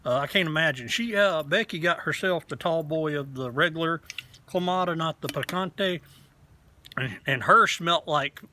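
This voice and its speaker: A man's voice: a little high, moderate pace, bright, forceful tone, a little hiss or hum. A man hosting his own casual beer review vlog, talking in a rambling, frank way and swearing casually. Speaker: beer reviewer, channel host. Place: outdoors.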